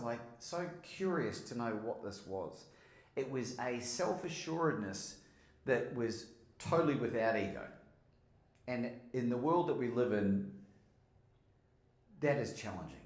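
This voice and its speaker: A man's voice: medium pitch, roomy sound. Australian man telling stories on stage. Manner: lively anecdotal storytelling, quotes others. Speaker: speaker and podcaster. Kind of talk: storytelling talk to a live audience.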